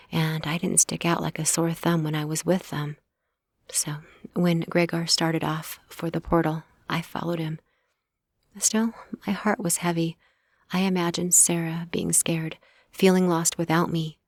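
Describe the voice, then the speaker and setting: A woman giving steady, even first-person audiobook narration. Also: deep voice, unhurried, dry recording.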